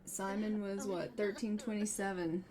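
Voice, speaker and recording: A woman's voice: mid-range voice, fairly even intonation, moderate pace, crowd noise. A woman hosting a gaming video, chatting casually over her play and voicing her characters' reactions. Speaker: gaming channel host. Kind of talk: casual let's-play commentary.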